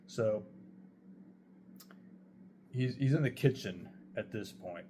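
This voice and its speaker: A man's voice: lowish voice, lively intonation, slow, mellow, a little hiss or hum. A young man casually telling a true story, rambling and swearing heavily as he goes. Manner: profane, rambling, heavy swearing.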